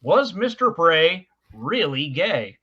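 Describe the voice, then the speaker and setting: A man's voice: on the high side, sing-song, slow, breathy edge. A man co-hosting a podcast in casual chat, rambling and hesitant, with lots of fillers and restarts. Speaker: podcast co-host. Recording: dull lo-fi recording.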